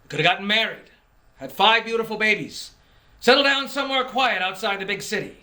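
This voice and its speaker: An actor playing a cocky, pompous big-city detective hero in the style of a 1940s radio serial. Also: male voice, high voice, fairly quick, pushed and bright. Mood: smug. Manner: pompous, self-assured, earnest proclamations. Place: stage.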